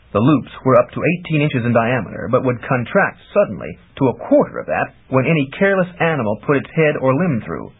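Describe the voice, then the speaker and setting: Husky male audiobook narrator. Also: mid-range voice. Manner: lively, expressive reading. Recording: tinny phone-like audio.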